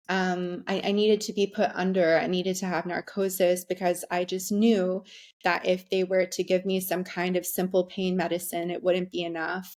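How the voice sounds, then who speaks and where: A woman's voice: lowish voice, a little mellow. Candid woman telling a personal story. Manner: candid, frequent ums and restarts. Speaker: guest. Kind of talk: conversational storytelling.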